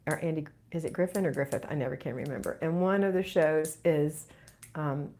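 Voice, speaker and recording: A home organizing channel host, a middle-aged woman, reads viewer comments aloud on a live question-and-answer stream and encourages them in a chatty way. Her voice is lowish and a little mellow.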